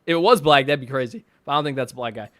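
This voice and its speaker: Streaming live, a man reads chat and posts aloud, adding profane, mocking rants and sarcastic asides. His medium-pitched voice is expressive and fairly bright, he talks very fast, and there's no echo.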